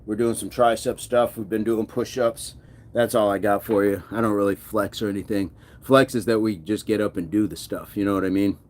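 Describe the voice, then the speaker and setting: A man's voice: on the low side, fairly even intonation, a little fast, a little mellow. Man hosting a live workout stream. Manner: reads viewer comments aloud and laughs often. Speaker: fitness livestream host. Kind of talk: casual live-stream chat.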